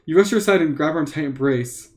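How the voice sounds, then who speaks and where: Higher-pitched man reading a story aloud. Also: fast. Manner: playful, joking asides. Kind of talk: live reading of an interactive book.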